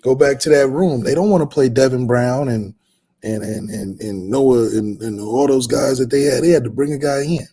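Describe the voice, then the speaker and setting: A man's voice: mid-range voice, normal speed, warm tone, husky. A man co-hosting a sports podcast in casual chat, earnest and piling up restarts. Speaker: podcast co-host.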